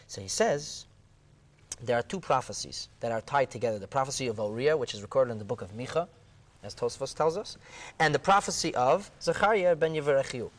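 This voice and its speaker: A man, a rabbi, retelling a Talmud story in a dramatic way, going from hushed to exclaiming and using Hebrew terms. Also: mid-range voice, lively intonation, quick pace. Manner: peppers speech with Hebrew and Aramaic terms. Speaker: rabbi leading a Talmud discussion.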